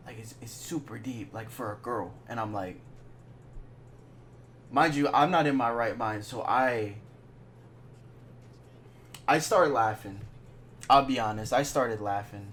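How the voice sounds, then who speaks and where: A young man telling a rambling, slang-filled story in a casual monologue, dropping to a hush when he quotes his friend. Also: mid-range voice, a little hiss or hum. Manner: slangy, rambling, drops to hushed tones when quoting.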